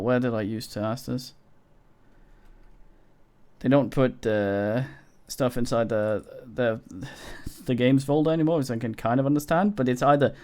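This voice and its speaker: A man's voice: medium pitch, darkish tone. A male streamer giving casual live commentary while he plays, rambling and swearing, with frequent restarts. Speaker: game streamer.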